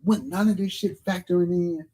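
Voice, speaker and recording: A man's voice: high voice, moderate pace, mellow, rough recording. A man on a podcast telling a personal story in a blunt, profane, drawling way. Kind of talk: casual storytelling chat. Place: live podcast studio.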